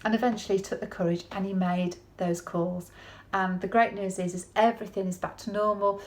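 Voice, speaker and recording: A woman's voice: medium pitch, fairly even intonation, fairly quick. A woman giving a conversational sermon in a chatty, folksy way, often turning to the listener with tag questions. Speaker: preacher.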